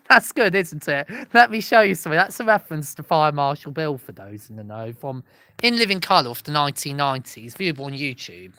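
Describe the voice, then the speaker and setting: A woman's voice: deep voice, very animated, a little fast, bright, forceful tone, no echo. An Englishwoman vlogging alone, rambling from joke to joke and apologizing often. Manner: apologetic, digressive, laughs at own jokes. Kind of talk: rambling solo comedy chat.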